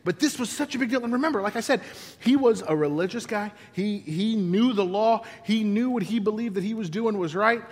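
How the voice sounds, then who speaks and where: A man preaching a sermon as pastor, telling the story with animated, acted-out scenes. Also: high-pitched, a little fast, big-room sound. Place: church building.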